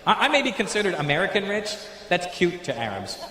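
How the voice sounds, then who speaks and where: A man doing stand-up, working the crowd loudly with a punchy, teasing delivery. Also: sits high, huge pitch swings, quick pace. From Canada. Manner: loud, teasing, punchy delivery with comic voices. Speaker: stand-up comedian. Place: large theater stage. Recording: echoey live venue with loud crowd noise.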